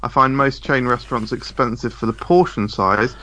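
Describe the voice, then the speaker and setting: A man's voice: mid-range voice, moderate pace, pushed and bright. A man co-hosting a podcast in casual chat, playful and reading listener comments aloud. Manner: playful, puts on a mock night-radio voice.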